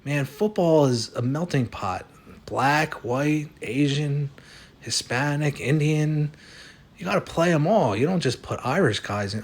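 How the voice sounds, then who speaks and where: A man speaking in a dry, skeptical tone during a comic sketch, pressing the other voice with questions. His voice is high and moves through a lively range. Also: a little slow. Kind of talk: comic sketch over a fantasy lineup.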